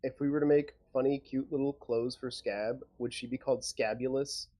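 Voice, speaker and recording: A man's voice: mid-range voice, fairly even intonation, moderate pace, dark tone. A man playing in a tabletop game, chatting casually and arguing his points skeptically. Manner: skeptical, argumentative. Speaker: player.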